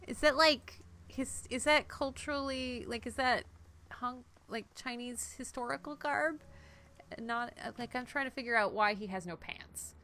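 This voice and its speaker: A woman's voice: a little high, measured pace, pushed and bright. A woman from Ireland playing a video game, chatting and joking as she goes. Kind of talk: casual let's-play commentary.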